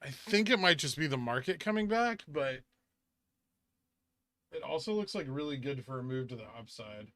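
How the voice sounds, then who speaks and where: A man's voice: mid-range voice, animated, normal speed, pauses often, fairly bright tone, no room sound. A man hosting a casual stock market livestream, answering chat and thinking aloud over charts in an offhand, muttering way.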